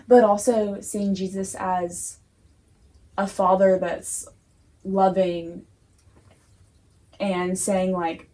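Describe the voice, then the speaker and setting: A woman co-leading a casual Sunday school discussion, playful and quick to laugh. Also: mid-range voice, level tone, darkish tone.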